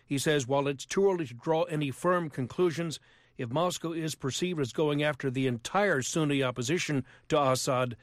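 A man reporting the news in a brisk, scripted delivery. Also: a little high, no room sound, clean studio sound.

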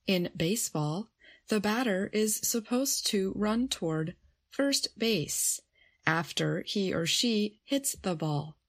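A woman co-presenting a scripted grammar lesson, reading carefully and reading out example phrases. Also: medium pitch. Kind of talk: scripted educational narration.

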